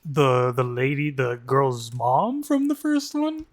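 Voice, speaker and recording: A man's voice: medium pitch, slow pace. A man co-hosting a movie podcast, ranting casually with lots of restarts. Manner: ranting, animated, frequent restarts. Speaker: podcast co-host.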